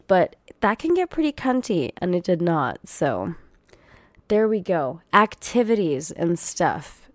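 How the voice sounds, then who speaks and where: Her voice fairly low and very animated, this young adult woman speaks slowly on her own podcast, recorded dry. She rants profanely in a casual solo chat, addressing listeners head-on.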